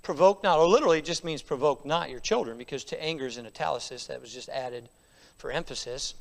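A man preaching a sermon as pastor, moving between hushed, slow scripture reading and loud, emphatic repetition. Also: fairly high pitch, vocal fry. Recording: long hall reverb.

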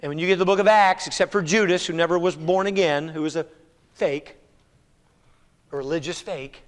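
High-voiced preacher in echoing hall. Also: male voice, a little fast. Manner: animated, exclamatory, swings between loud and hushed. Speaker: pastor. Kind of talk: sermon. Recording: echoey hall reverb.

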